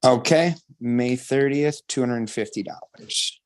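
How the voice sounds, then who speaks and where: A man's voice: mid-range voice, unhurried. A man from Wisconsin, a defendant on a video call, gives polite, brief answers.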